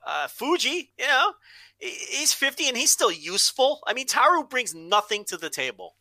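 Bright, dry-sounding man talking wrestling. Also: extremely high pitch, very animated, moderate pace, no room sound. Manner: blunt, swears freely, opinionated. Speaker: podcast co-host. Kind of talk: casual wrestling podcast chat.

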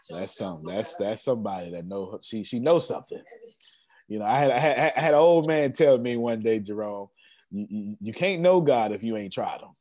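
A man's voice: fairly low pitch, a little mellow, dry recording. A man hosting a group video call, enthusiastic and emphatic, repeating his phrases and laughing often. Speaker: host of a coaching group call.

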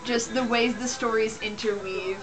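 A woman's voice: a little high, steady tone, normal speed, rough recording. A woman co-hosting a podcast, chatting casually about a film, with mock-serious irony and frequent laughs. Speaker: podcast co-host. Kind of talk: casual chat reacting to a film. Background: film music playing.

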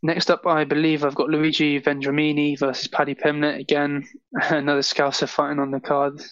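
Man breaking down fights, flat tone. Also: a little high, no echo, highs cut off. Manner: measured, with filler "you know". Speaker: podcast co-host, fight analyst. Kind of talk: casual betting analysis.

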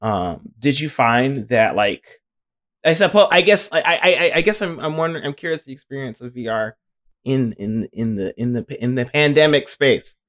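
Male host, middle pitch, hesitant and laughing, loose chat. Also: lively intonation, moderate pace, a bit bright. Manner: hesitant, stumbles and laughs while asking questions. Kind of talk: casual podcast chat.

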